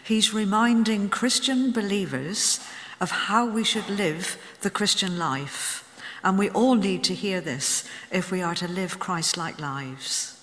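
A woman's voice: mid-range voice, slow, fairly bright tone, in a large hall. A woman in her seventies preaching a sermon, telling a story with humorous asides. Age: 70s. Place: church.

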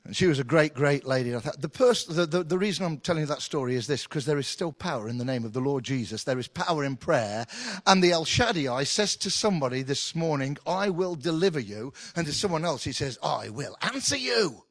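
Middle-aged male pastor, animated conversational sermon, slightly high voice. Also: fairly quick, few pauses, no echo. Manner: animated, conversational preaching with humour.

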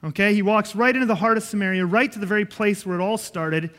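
Emphatic preacher, high voice, long reverb. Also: male voice, steady tone, quick pace, a bit bright. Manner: emphatic, repeats and checks in with "okay?". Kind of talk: sermon.

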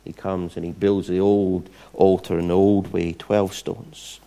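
A man delivers a sermon in a storytelling style. His voice sits on the low side and sounds warm and mellow. He acts out the voices of the people in the story with lively, playful asides. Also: measured pace, gravelly. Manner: animated retelling with voiced asides and restarts. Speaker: preacher.

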